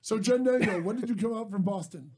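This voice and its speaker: High-voiced joking man co-host. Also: fairly quick, mellow, breathy edge. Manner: joking, teasing. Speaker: radio show co-host. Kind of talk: casual chat.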